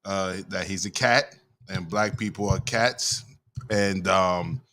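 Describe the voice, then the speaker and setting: A man's voice: sits low, slow pace, pushed and bright. A male host in a casual chat show, talking in laid-back slang and reading viewer comments aloud.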